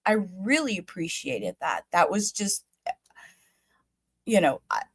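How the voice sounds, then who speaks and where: A motherly woman co-hosting a livestream, chatty and emotional, her throat catching so she keeps clearing it. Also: mid-range voice, big pitch swings, unhurried, dry recording, poor audio. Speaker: livestream co-host. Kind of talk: casual livestream chat.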